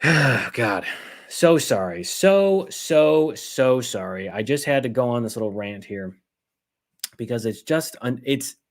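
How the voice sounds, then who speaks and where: A man's voice: medium pitch, animated, slow. A man hosting a political livestream, ranting heatedly with swearing and sarcastic mimicry. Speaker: political commentary host. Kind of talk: angry livestream rant.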